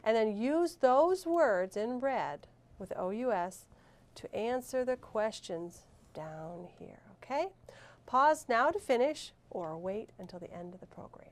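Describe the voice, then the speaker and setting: Slow, clear-spoken woman teacher. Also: fairly high pitch, sing-song. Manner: clear, slow, deliberate teacher talk with drawn-out words. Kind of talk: recorded video reading lesson.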